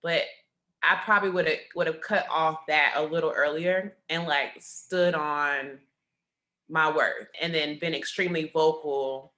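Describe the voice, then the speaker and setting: A woman journalist speaking as an interview guest, outspoken, blunt and expressive. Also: sits low, measured pace. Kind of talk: conversational interview.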